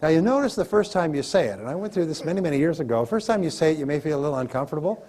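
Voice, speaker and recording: A man's voice: fairly high pitch, animated, very fast, mellow. A man giving a motivational seminar lecture to a live audience, emphatic and repetitive as he coaches them. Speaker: motivational speaker.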